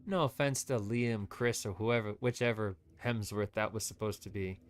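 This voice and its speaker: A man's voice: on the low side, moderate pace. A man streaming gameplay, ranting with strong opinions in loose, rambling commentary. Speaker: VTuber streamer.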